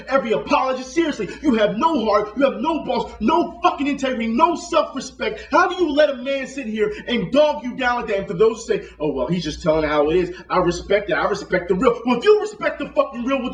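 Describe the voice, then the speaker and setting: A man with a strikingly high voice delivers an angry, profane sports rant straight to his viewers. He lectures and curses nonstop. The sound is roomy and echoing, and he sits a little back from the microphone. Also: fairly bright tone, distant mic, highs cut off. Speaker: vlogger.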